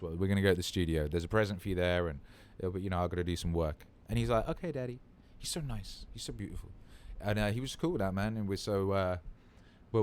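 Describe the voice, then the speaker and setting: A man's voice: deep voice, a little mellow. A tired man hosting a livestream, chatting loosely and swearing freely as he greets viewers. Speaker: livestream host. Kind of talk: casual livestream chat.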